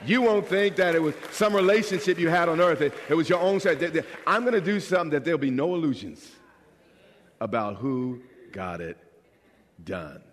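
Male pastor, fairly high voice, animated sermon delivery with call-and-response, long hall reverb. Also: normal speed. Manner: preaching with call-and-response questions to the congregation; animated, acts out quoted voices.

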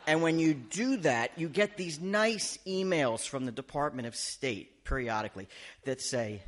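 A man performing stand-up comedy, telling a story in an animated, self-mocking way and acting out his own panic. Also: mid-range voice, moderate pace.

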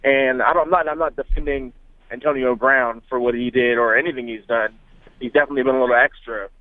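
A man's voice: medium pitch, fairly even intonation, fast talker, no room sound. A man calling into a sports radio show, earnestly arguing his point and often restarting his sentences. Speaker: caller. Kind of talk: call-in opinion. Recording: tinny phone line.

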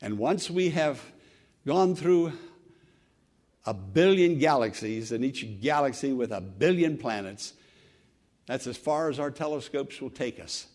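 A man's voice: mid-range voice, animated, measured pace, darkish tone. A man preaching an earnest sermon, building to emphatic exclamations. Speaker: pastor.

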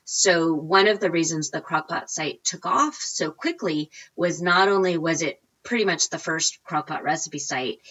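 A woman in her forties telling a lively story as an interview guest, acting out quotes with big jumps in her voice. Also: moderate pace, hardly any pauses, dull audio. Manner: animated, acts out quotes with big pitch jumps. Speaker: guest, recipe blogger.

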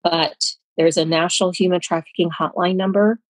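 A woman's voice: fairly low pitch, level tone, normal speed, a little mellow, no room sound, rough recording. A woman guest in an interview, explaining in an earnest, patient way and checking that she is understood. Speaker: anti-trafficking expert guest. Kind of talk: informative interview answers.

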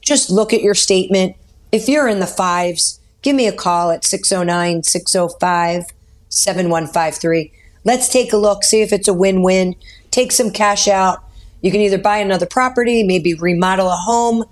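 A woman co-hosting a talk radio show as a mortgage expert, explaining loans in a brisk, practical way. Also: mid-range voice.

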